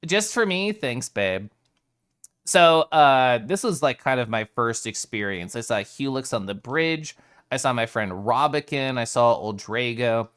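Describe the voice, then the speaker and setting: A playful streamer in a loose, casual chat with viewers, the pitch swinging widely from low to high. They laugh often and break off to greet people by name. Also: animated, measured pace, a bit bright, smooth. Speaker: live streamer.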